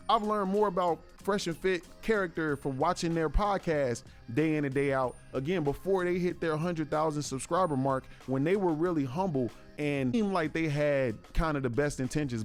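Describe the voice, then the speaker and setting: A man's voice: a little high, moderate pace, faint music behind. A man giving earnest, reflective commentary on a podcast in casual slang.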